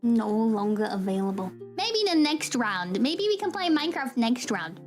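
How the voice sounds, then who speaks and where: A young woman streamer with a high, bright-pitched voice rants animatedly through a story, breaking into frequent laughs as she chats with her viewers. It is casual live-stream talk, with soft music playing faintly underneath. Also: sing-song, normal speed.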